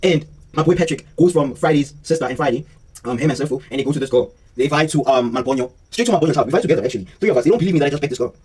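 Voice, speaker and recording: A young man rattles through a personal story at breakneck speed, his voice husky and set a little high for a man. He talks in loose slang and acts out what others said. The mic sits some distance away, so he sounds a bit removed. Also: very fast. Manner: slangy, animated retelling with acted-out dialogue. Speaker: vlogger telling a story. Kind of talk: casual storytime monologue.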